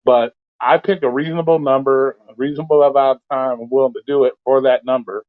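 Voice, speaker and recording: Speaking fast in a steady, mid-range voice, a blunt man rants profanely as host of an open call-in stream, cursing all the time in casual chat. The line is thin like a phone, and the recording is dry and close with no surrounding space.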